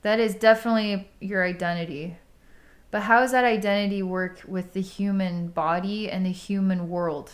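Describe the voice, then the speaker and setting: A woman psychic healer talks a client through an energy healing session in a loose, chatty way. Her speech is full of "like", with laughs and sighs in between. Her voice sits at an ordinary middle pitch. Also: steady tone, normal speed. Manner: casual and chatty, heavy use of "like", frequent laughs and sighs.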